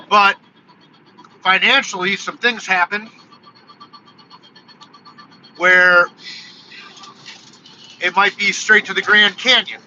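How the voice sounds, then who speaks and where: Ranting bright-voiced man in his forties. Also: high-pitched, a little hiss or hum. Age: 40s. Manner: animated, ranting storyteller. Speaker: vlogger. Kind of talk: casual live vlog while driving. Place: in a car on the road. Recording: dull lo-fi car recording with music. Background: techno music playing.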